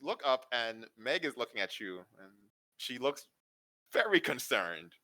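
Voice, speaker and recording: A man's voice: medium pitch, big pitch swings, a little slow, sharp tone. A man narrating as game master of a tabletop game, in a loose, casual way with many fillers.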